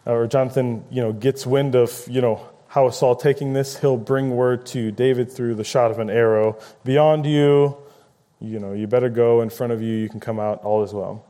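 A man's voice: mid-range voice, fairly even intonation, moderate pace, warm tone. A man preaching a conversational sermon, paraphrasing scripture and acting out quoted lines with rising emphasis.

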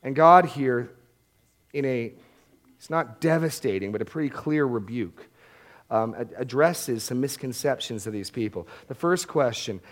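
A man's voice: mid-range voice, lively intonation, unhurried. A man preaching a Bible-teaching sermon in a conversational way, often repeating words as he restarts a thought.

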